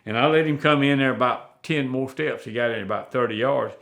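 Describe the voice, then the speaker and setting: A man's voice: medium pitch, fairly quick, vocal fry, fairly bright tone. A man, a veteran hunter telling stories in a plainspoken, folksy way with rural phrasing. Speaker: guest, veteran turkey hunter. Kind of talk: folksy storytelling.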